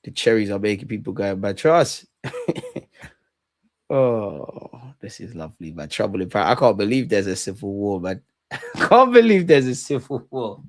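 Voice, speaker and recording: A man's voice: fairly low pitch, very animated, normal speed. A young man hosting a live football watch-along, bantering with his chat in slang, swearing and laughing often.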